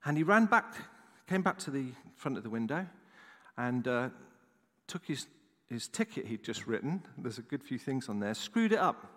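A man's voice: mid-range voice, sing-song, moderate pace, fairly bright tone. A male pastor preaching a sermon, telling a story with candid, chatty asides to the audience. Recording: echoey hall reverb.

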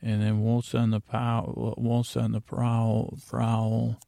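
A man's voice: medium pitch, monotone, slow, creaky, dark tone, no echo, clean studio sound. A man hosting a sleep podcast, recapping a story in a rambling, meandering, drowsy way. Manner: droning, meandering, drowsy delivery. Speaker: podcast host.

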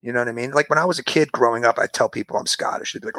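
Gravelly husky guy, super animated, bright edgy tone, dry close mic. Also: mid-range voice, racing, hardly any pauses, no room sound. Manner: animated storyteller, acts out quoted people. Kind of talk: casual chat.

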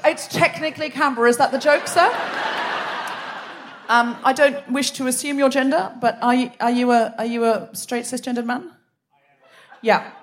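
A woman's voice: sits high, steady tone, normal speed, long pauses. A woman raised in Australia hosting a live comedy podcast on a theatre stage, teasing and bantering with the crowd. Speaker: host. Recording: live theatre recording with audience noise.

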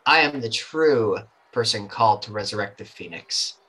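A man's voice: lowish voice, expressive, moderate pace, pushed and bright, rough recording. A man voicing a defiant self-proclaimed prophet. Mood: accusing.

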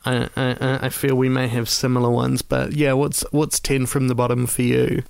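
A man's voice: medium pitch, monotone, normal speed, gravelly, clean tone, no room sound. A man co-hosting a casual film-ranking chat, rambling and wry with self-deprecating asides. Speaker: podcast co-host.

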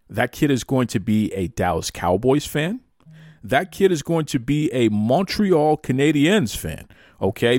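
A man hosting a podcast, chatting casually in animated, mock-outraged banter. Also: mid-range voice, no echo, clean studio sound. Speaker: podcast host. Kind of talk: casual chat.

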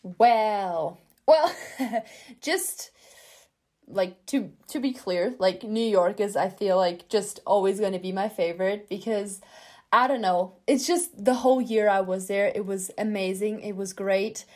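A woman's voice: mid-range voice, unhurried, darkish tone. A young German woman speaking English with a German accent, a playful guest in a casual chat who laughs often. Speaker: podcast guest.

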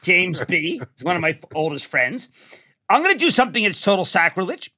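A man in his sixties talks in a high, bright voice that swoops up and down. He rambles excitedly through his stories and climbs to near-shouts when worked up. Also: brisk. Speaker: guest. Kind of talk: animated conversation.

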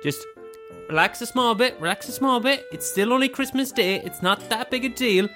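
A man playing a weary father who calmly and firmly tries to settle down his grown son. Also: extremely high pitch, moderate pace, faint music behind. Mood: soothing. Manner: calm, soothing, firm, repeats himself. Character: weary, patient middle-aged father.

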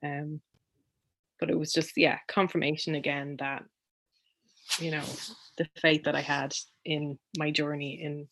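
A woman's voice: low-pitched, level tone, a little slow, gravelly, pauses often, fairly bright tone. A young adult woman, a guest telling a personal story in a chatty way, with many ums and restarts.

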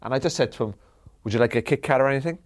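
Male comic, mid pitch, unhurried storyteller, slips into quotes. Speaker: comedian panelist. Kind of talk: comic anecdote.

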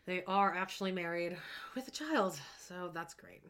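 A woman's voice: on the low side, normal speed, a crowd in the background. A woman co-hosting a casual chat, making wry, dry remarks and agreeing often. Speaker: podcast co-host. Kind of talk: casual chat recapping a reality show.

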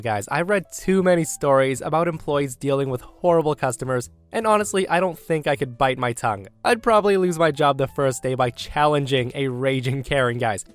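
A man's voice: mid-range voice, smooth. A man narrating a story aloud in a casual, wry way, speaking straight to his listeners.

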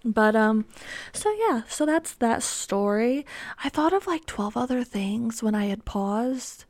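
A woman's voice: fairly high pitch, expressive, takes it slowly, darkish tone, no room sound. A young woman hosting her own podcast, telling a story in a rambling way with lots of ums and likes. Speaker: podcast host. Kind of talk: casual solo storytelling.

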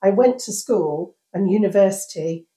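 A woman's voice: mid-range voice, normal speed, mellow. An older woman, a guest on a casual podcast, telling stories about home life in a wry, mock-exasperated way. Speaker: guest, co-host's mother. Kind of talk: casual chat, storytelling. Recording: roomy echo.

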